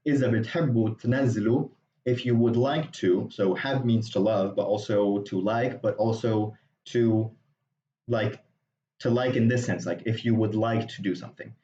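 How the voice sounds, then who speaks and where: A man's voice: lowish voice, normal speed, mellow, far from the mic. A man teaching a language lesson, reading short lines aloud and explaining them in English with frequent fillers. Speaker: Arabic teacher. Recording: echoey, dull, from off-mic.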